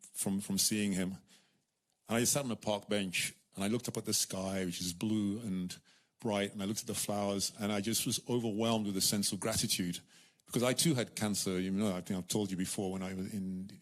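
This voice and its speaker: A middle-aged man preaching a sermon, telling a story with lively repetition and acting out the voices of the people in it. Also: on the low side. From United Kingdom. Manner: animated storytelling, repeats words, acts out voices.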